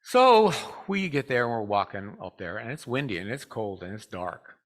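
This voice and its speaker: Easygoing man telling a rambling story. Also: medium pitch. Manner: relaxed, rambling, with frequent "uh" pauses; talks directly to the congregation. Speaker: guest speaker at a spiritual community. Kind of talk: casual storytelling Sunday talk.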